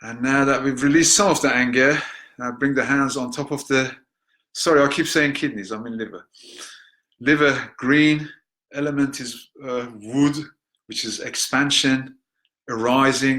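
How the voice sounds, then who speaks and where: A man leads a guided healing meditation in a bright, forward voice pitched in an ordinary middle range. He speaks gently and without hurry, easing into soft affirmations, then turns chatty and light-hearted between exercises. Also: steady tone. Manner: gentle and unhurried, softening to near-hushed affirmations, with chatty joking asides.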